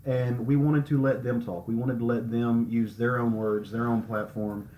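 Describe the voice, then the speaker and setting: A man's voice: medium pitch, little pitch movement, moderate pace, dark tone, slight background noise. A talkative, upbeat man hosts a podcast recorded live at a comic convention. His voice has a roomy echo around it, and he moves easily between banter and introductions. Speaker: podcast host. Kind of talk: casual podcast chat.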